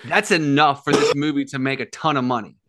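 A man's voice: fairly high pitch, fairly even intonation, a little fast, sharp tone. A man co-hosting a film podcast, making analytical points with many filler words. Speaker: podcast co-host. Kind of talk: casual film chat.

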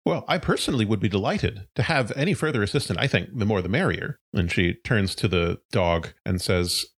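A man's voice: fairly low pitch, animated, brisk, slightly rough, dry recording. A man voicing a furry, big-eyed female mayor with a folksy, overly reassuring way of talking. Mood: welcoming.

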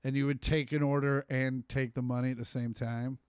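A man's voice: medium pitch, fairly quick, smooth, dry recording, clean studio sound. A man in his forties from Kansas City, co-hosting a comedy podcast and telling joking stories in casual chat. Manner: storytelling, joking, animated.

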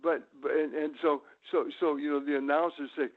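A man telling rambling stories as a guest, with lots of repeated starts and sudden loud, high showman bursts. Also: fairly even intonation, a little fast. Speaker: guest, retired pro wrestler. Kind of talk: casual storytelling. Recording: tinny phone-line audio.

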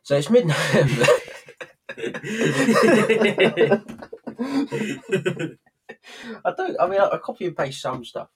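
A man's voice: high voice, big pitch swings, very slow, long pauses, crowd noise. A man co-hosting a podcast, rambling through a recap with lots of ums and self-mocking laughs. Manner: rambling, hesitant, laughs at himself. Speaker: podcast co-host. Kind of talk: casual chat.

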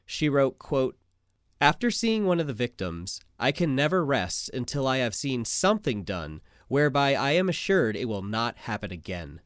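A man co-hosting a casual podcast, loose and animated, swearing freely and full of fillers while he tells a true story. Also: medium pitch, moderate pace, dry recording, clean studio sound. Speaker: podcast co-host.

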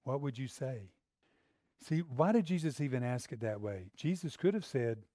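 Guy preaching casually, does little voices, gets loud, dry sound. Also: mid-range voice, lively intonation, moderate pace, dry recording. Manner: conversational, acts out voices, rising to loud emphasis. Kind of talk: sermon.

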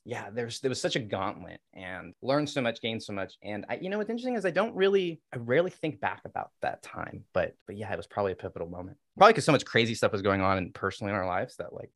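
A man's voice: fairly low pitch, a bit bright, no echo, studio quality. A man in his thirties, a podcast guest telling candid personal stories in a rambling way, with restarts and fillers. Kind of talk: candid conversational storytelling.

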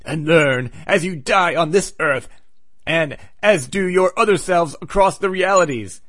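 A man voicing a grandiose male cosmic villain, speaking slowly and menacingly. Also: fairly high pitch, a bit bright, no echo.

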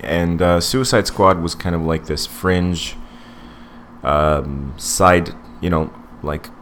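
Deep voiced guy in his 40s rambling on a podcast, lots of ums, bit of hiss. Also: takes it slowly, a bit bright. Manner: rambling, digressive, many fillers and restarts. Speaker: podcast co-host. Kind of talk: casual podcast movie review.

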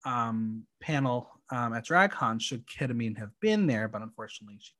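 This young man's medium-pitched voice is expressive, bright and forceful, moving at a normal speed. Hosting a podcast, he recaps reality-show episodes in a campy, chatty casual conversation, saying um frequently.

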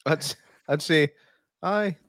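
A man's voice: on the high side, lively intonation, moderate pace, dry recording, clean studio sound. A man with a son, chatting casually while watching a film, laughing at his own stories and swearing freely. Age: adult with a child. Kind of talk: casual reaction chat.

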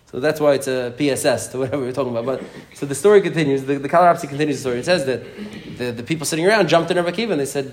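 A man teaching an informal Talmud class, telling the story in a rapid, animated way and often restarting his sentences. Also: mid-range voice. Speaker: Torah teacher.

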